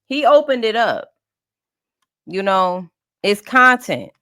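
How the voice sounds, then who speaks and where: A woman's voice: medium pitch, sing-song, slow pace, bright, forceful tone, no room sound, clean studio sound. A woman streamer giving blunt, profane, offhand commentary while reacting to an interview.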